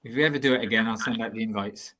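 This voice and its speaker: A man's voice: fairly low pitch, rapid-fire, fairly bright tone. A man chatting casually, rambling and hesitant at times. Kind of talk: casual chat.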